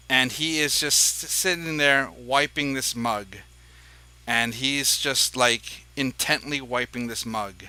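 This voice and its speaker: A man's voice: medium pitch, bright, forceful tone, clean tone, rough recording. A man narrating as dungeon master in a tabletop game, describing scenes in a rambling, hesitant way with many fillers.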